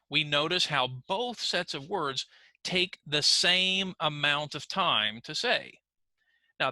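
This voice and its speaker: Bright-voiced man teaching pronunciation. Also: on the high side, no room sound, poor audio. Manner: slow, clear modeling of words for learners to repeat. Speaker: ESL teacher. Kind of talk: online pronunciation lesson. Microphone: computer mic on a screen recording.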